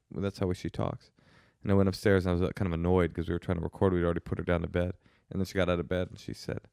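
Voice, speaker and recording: A man co-hosting a podcast from home, chatting casually with wry, deadpan storytelling. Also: low voice, very fast, vocal fry, clean tone, no room sound, clean studio sound. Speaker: podcast co-host. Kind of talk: casual chat. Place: home studio.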